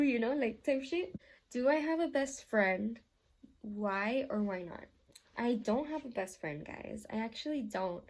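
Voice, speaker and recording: A young woman vlogger telling a story in a casual Q&A, rambling and swearing often, with lots of filler words. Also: a little high. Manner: animated, laughing while telling the story.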